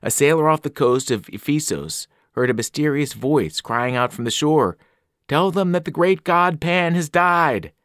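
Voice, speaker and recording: In a storybook reading, a man voices an earnest, anxious young male satyr, his voice raised and pleading, pitched above his own natural voice. The tone is a little high and fairly bright with lively intonation, a little slow, in clean studio sound with no echo.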